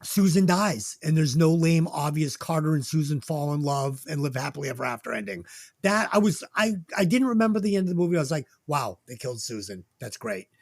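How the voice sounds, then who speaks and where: A podcast host ranting through a comedic movie review, swearing a lot, going from loud to low. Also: a little fast. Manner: animated, swings between loud and low.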